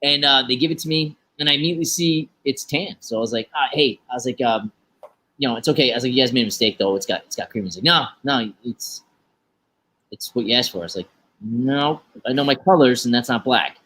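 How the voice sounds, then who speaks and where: A man's voice: mid-range voice, a little fast. A man co-hosting a music podcast, chatting casually and laughing often as he tells stories. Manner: animated, laughs often, loose storytelling. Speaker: podcast co-host. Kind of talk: casual chat.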